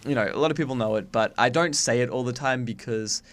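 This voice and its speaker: A man's voice: medium pitch, fast talker. A nineteen-year-old man from Australia with a faint, watered-down Australian accent, chatting casually into his webcam and swearing freely. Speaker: YouTuber. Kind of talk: casual chat to camera.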